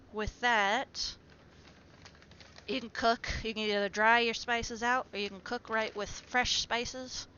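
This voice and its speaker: Woman rambling on a home stream, bright voice, kinda muffled audio. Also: mid-range voice, a little hiss or hum. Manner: chatty, talks to her plants and to viewers. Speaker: live streamer. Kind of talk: casual live-stream chat.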